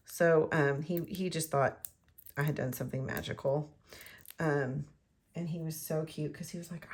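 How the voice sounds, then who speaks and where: A woman's voice: lowish voice, normal speed, a little mellow. A middle-aged woman, chatting her way through a card-making tutorial and talking to herself as she works. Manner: chatty, rambling, talks to herself while working. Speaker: craft demonstrator.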